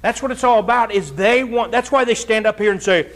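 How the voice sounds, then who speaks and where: Higher-voiced man preaching a folksy sermon. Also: fairly quick, a bit bright. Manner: folksy, chatty preaching that builds to emphatic, raised stretches. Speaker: pastor. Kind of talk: conversational sermon.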